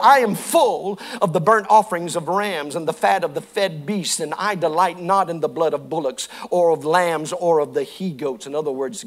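A man preaches to his church congregation in a high voice. He reads scripture aloud and then explains it in folksy terms. At times his delivery climbs into fervent, shouted preaching. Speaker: pastor. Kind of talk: sermon. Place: church sanctuary.

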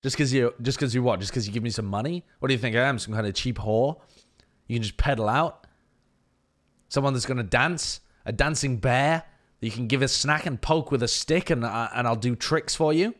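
A man's voice: medium pitch, a little fast, a bit bright. A man doing live-stream match analysis, blunt and profane, ranting at length and answering viewer chat.

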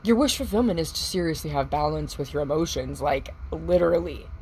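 A woman doing a casual tarot reading for viewers. She is excitable, laughs often, swears casually and calls the audience pet names. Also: low-pitched, a little fast, a little hiss or hum, low-quality recording. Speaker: tarot reader.

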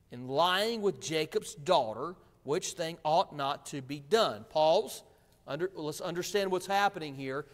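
A man preaching in a church sanctuary, his voice set high for a man. He reads scripture and hammers points home with repetition. A long reverb trails off the hall walls. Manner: preaching with emphatic repetition and Bible reading. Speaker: pastor. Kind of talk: sermon.

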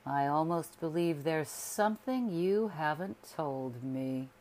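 A woman voicing a bitter, sickly husband who accuses his wife in loud, slow, forceful lines, read as a storybook figure. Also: sits low, animated, slight background noise. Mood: accusing.

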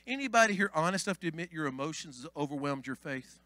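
A man preaching a Pentecostal sermon as pastor, swinging from hushed asides to shouted climaxes. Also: on the high side, animated, quick pace, no echo.

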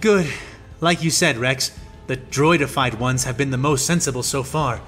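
A man's voice: medium pitch, normal speed, a bit bright, soft background music, lightly acted. A man voicing a young female alien warrior who is firm, commanding and dryly witty.

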